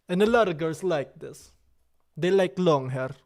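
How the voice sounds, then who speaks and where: A man hosts a livestream in a slightly raised voice. He chats with viewers in a playful, preening, mock-serious way, with halting, broken sentences and stray French words. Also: a little high, expressive, a little mellow. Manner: drops in occasional French words. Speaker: livestream host. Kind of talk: casual livestream chat with viewers.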